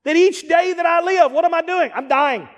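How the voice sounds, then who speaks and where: A man preaching a sermon as pastor, emphatic and repetitive, rising into shouts to drive points home. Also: very high-pitched, normal speed, highs cut off. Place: church sanctuary. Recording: long reverb of a large church hall.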